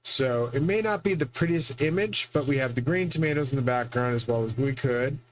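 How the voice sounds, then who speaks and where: A man's voice: mid-range voice, brisk, rough recording. A man hosting his own channel, talking in a boastful, profane, rambling solo monologue full of restarts. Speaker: channel host.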